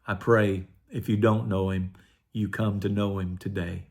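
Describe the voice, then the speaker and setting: An older man, a pastor, telling his personal testimony in an earnest, quietly emotional way. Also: fairly low pitch, level tone, measured pace.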